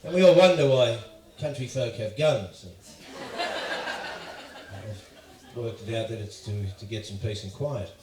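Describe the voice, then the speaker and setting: A man's voice: medium pitch, measured pace, noisy background. A man with an Australian accent doing a stand-up routine, telling stories in a profane, ranting way and mimicking voices. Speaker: stand-up comedian. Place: live comedy venue. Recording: echoey room, from far off.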